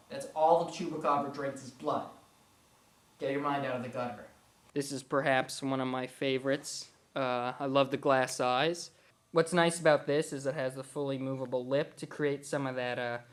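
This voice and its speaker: A man's voice: mid-range voice, fairly bright tone, reverberant. A young man giving a casual, enthusiastic tour of his puppets and posters, playful and rambling. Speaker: puppet animator showing his work. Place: room at home with posters and puppets.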